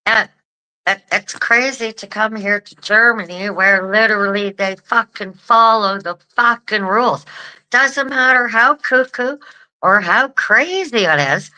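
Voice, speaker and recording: A woman's voice: medium pitch, pushed and bright, poor audio. A woman hosting an online show, chatting casually and rambling to her viewers, repeating words and laughing often. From Canada. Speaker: show host.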